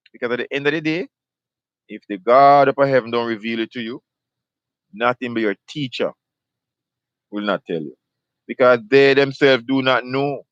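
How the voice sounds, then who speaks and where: A man's voice: medium pitch, fairly bright tone, no echo. Emphatic preaching man, lo-fi dry sound. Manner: emphatic, repetitive, fires rhetorical questions. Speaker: host of a live video ministry. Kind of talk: preaching monologue.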